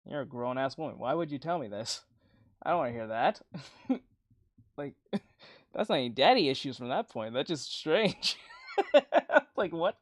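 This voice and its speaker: A man's voice: on the high side, expressive, unhurried, long pauses, no room sound. A young man with a boyish, youthful-sounding voice chatting casually on a livestream, rambling, laughing often and swearing freely.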